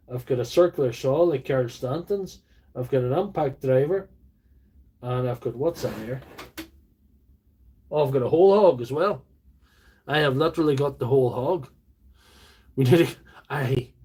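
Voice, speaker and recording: A man's voice: mid-range voice, mellow, breathy edge. A man with a Northern Irish accent hosting a casual live stream from a makeshift workshop, chatting in a rambling, self-deprecating way. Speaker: livestream host, tool repairer. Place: makeshift home workshop studio. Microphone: phone on small tripod.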